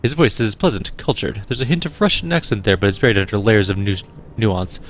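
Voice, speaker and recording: Low-voiced man reading game text. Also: fairly quick, a little hiss or hum. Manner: steady, descriptive reading. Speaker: let's play host. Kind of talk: reading game narration aloud.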